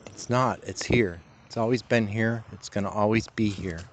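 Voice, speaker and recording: A man vlogging outdoors on a trail, tearful and emotional, talking in a halting, heartfelt way with pauses and restarts. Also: lowish voice, slight background noise. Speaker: motorcycle travel vlogger. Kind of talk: emotional reflective monologue.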